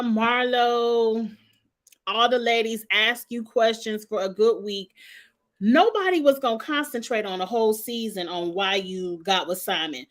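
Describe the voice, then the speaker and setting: Sassy gossiping woman in her forties. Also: fairly high pitch. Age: 40s. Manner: gossipy, sassy, talks straight to the people she discusses. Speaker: reality TV recap host. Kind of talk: casual recap commentary.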